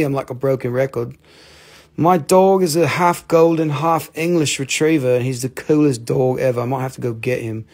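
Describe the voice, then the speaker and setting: A man hosts a live mineral sale, chatting in a folksy, rambling way and making fun of himself. His voice has a gravelly edge at an ordinary middle pitch. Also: steady tone, moderate pace, darkish tone. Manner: folksy, rambling, self-joking. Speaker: host of a live mineral sales show. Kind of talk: casual live selling chat.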